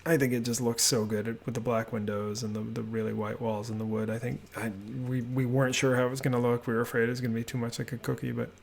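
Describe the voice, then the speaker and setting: Gravelly relaxed man narrating a house tour. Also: medium pitch, fast, hardly any pauses. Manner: relaxed, rambling, many fillers and restarts. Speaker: homebuilding vlogger. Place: home office.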